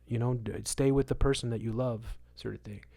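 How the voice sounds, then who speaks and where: Male livestream host, mid-pitched voice, casual moralizing rant, loud bursts and mumbled asides. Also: steady tone, a little fast, gravelly, no echo, studio quality. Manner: emphatic, moralizing, repeats words for stress; swings between loud outbursts and muttered asides. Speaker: livestream host answering chat.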